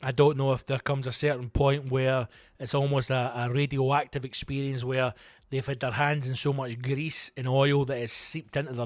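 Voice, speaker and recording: Male comedian, brash and sweary, animated yarn-spinner, mid-pitched voice, close dry mic. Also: no echo. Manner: profane, animated, self-mocking, acts out quotes. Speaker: comedian host. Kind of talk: comic storytelling monologue.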